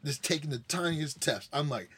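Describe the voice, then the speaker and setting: A man's voice: a little high, lively intonation, moderate pace, fairly bright tone, breathy edge. A man hosting a casual podcast, telling rambling, profane family stories with lots of "like". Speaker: podcast host. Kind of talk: casual storytelling chat.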